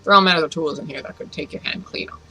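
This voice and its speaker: A man's voice: on the high side, rapid-fire, pushed and bright, slight background noise, poor audio. A man reading as a cultured, courteous mechanic. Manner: pleasant, polished and courteous. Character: cultured male mechanic with a buried Russian accent.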